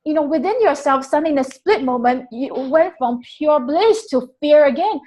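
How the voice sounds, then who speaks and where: A woman guest telling a personal story in a candid, animated way, acting out her own inner voice and swearing freely. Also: sits high, moderate pace, hardly any pauses, low-quality recording.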